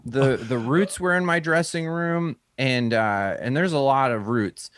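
A man who is a comedian, telling a story in a relaxed interview and acting out the people he quotes in a higher voice. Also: a little slow, no room sound, studio quality. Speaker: stand-up comedian, guest.

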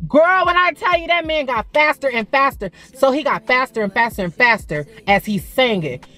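A woman's voice: high-pitched, expressive, moderate pace, sharp tone, faint music behind. A woman telling a frank, profane story in a casual vlog, chatting to viewers as "girl" and "baby".

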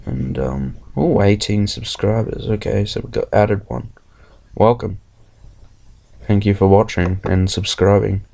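A man's voice: fairly low pitch, steady tone, unhurried, vocal fry, dark tone. A sick young man, nearly losing his voice, giving a hesitant, rambling channel update from bed. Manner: rambling, hesitant with many ums. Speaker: gaming channel host. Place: bedroom, in bed.

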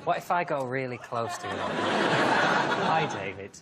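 A man's voice: medium pitch, animated, fast talker. Grumbling self-deprecating comic man. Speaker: comedy panel team captain. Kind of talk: comedic banter. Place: TV studio with audience. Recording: loud background noise.

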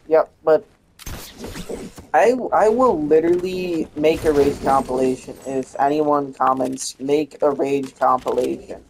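A woman's voice: low-pitched, measured pace, gravelly, darkish tone, slight background noise. A woman giving gameplay commentary, ranting in frustration with heavy swearing. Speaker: gaming channel host.

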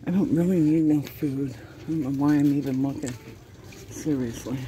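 A woman's voice: low-pitched, normal speed, warm tone, a little hiss or hum. A woman chatting casually to viewers while shopping, often chuckling, filmed on a handheld phone inside a large store. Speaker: shopping vlogger. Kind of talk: casual running commentary.

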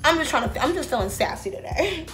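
A woman's voice: sits high, very animated, fast talker, a bit bright, faint music behind. A woman vlogger chatting casually to her viewers while getting ready, sassy and talkative, calling them baby and y'all. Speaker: beauty vlogger. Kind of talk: casual get-ready-with-me chat.

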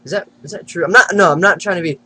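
A man's voice: high voice, racing, bright, forceful tone, a little hiss or hum. A man hosting a casual prank video chat, giggling and teasing strangers on camera. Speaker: channel host.

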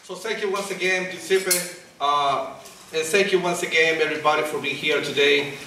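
A man's voice: on the high side, steady tone, moderate pace, bright, forceful tone, a little hiss or hum. A man organizing the event, closing with gracious, repeated thanks to the guests. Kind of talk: formal closing remarks. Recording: echoey room, distant mic.

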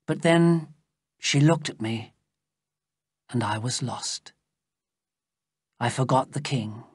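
Slow story narration for english learners, husky voice, lively up and down, dry close sound. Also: mid-range voice, dry recording.

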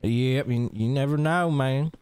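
A man's voice: mid-range voice, measured pace, darkish tone, clear, resonant tone. Laughing man hosting a role-play stream. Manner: laughing, teasing, showing off. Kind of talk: casual role-play banter.

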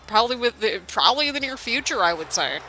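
A woman's voice: on the high side, big pitch swings, fast, sharp tone, faint music behind. A young woman hosting a gaming channel, chatting casually and rambling as she comments on a wrestling game. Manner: chatty, rambling, laughs often. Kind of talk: casual let's-play commentary.

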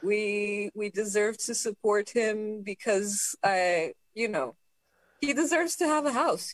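Deadpan, halting woman guest joining a comedy benefit by video call, slow delivery. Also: mid-range voice, no echo. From Eastern Europe. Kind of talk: casual joking chat.

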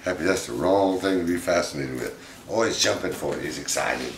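A middle-aged man with a low, gravelly voice chats slowly and affectionately with his pet monkeys. He chuckles often and slips into gentle baby talk. The room echoes, and a faint hiss sits behind him. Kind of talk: casual vlog talking to pets.

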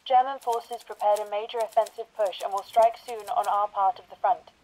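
Woman voicing a formal military dispatcher, mellow dark voice, reading orders, war game. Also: mid-range voice, fairly even intonation, brisk, lightly acted, rough recording. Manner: formal, reporting. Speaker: dispatch reader. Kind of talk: game voice acting.

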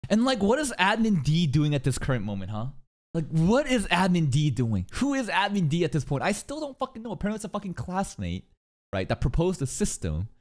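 Lively excitable male anime reactor. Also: high voice, brisk. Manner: excitable, swearing, thinking aloud. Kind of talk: casual live reaction commentary.

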